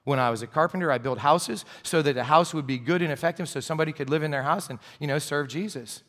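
Fast-talking and fairly high-pitched with a slightly bright tone, this middle-aged New Jersey pastor delivers his sermon as humorous, conversational storytelling. The church sanctuary lends the audio a long hall reverb.

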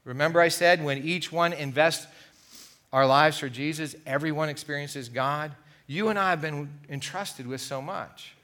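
Bright-voiced preaching pastor. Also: male voice, on the high side, normal speed. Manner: animated storytelling, acting out the parable's voices. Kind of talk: sermon. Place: church sanctuary.

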